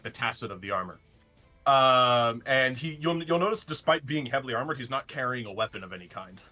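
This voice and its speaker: A man's voice: medium pitch, sharp tone. Young man describing his game character. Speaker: player. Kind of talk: casual game chat.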